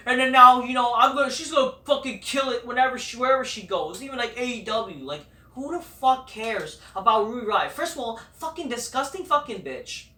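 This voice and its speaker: A man's voice: extremely high pitch, pushed and bright, recorded from a distance. A man ranting profanely and dismissively in opinion commentary on a vlog. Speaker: wrestling commentary vlogger. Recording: echoey room, voice off-mic.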